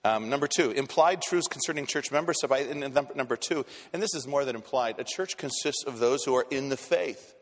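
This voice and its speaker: A man's voice: mid-range voice, fairly quick, few pauses. A male pastor delivering a sermon in a church, speaking bluntly and conversationally and often restarting his sentences. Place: church sanctuary. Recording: long hall reverb in a church.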